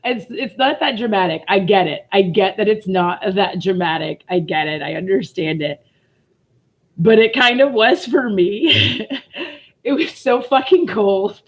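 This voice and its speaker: A woman's voice: mid-range voice, unhurried. Tearful woman chatting on a livestream. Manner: emotional, laughing through tears, swearing freely. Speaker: vlogger. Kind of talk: casual livestream chat.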